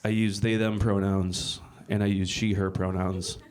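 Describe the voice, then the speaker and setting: A middle-aged man doing a live stand-up set in a small comedy club, talking with bursts of loud emphasis. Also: low-pitched, level tone, unhurried. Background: audience laughter.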